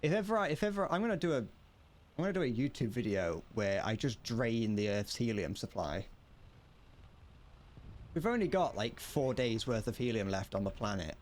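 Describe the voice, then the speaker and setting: A man's voice: medium pitch, animated, normal speed, a little hiss or hum. A man streaming a game, chatting casually, rambling and joking with viewers and swearing freely. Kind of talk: casual gameplay commentary.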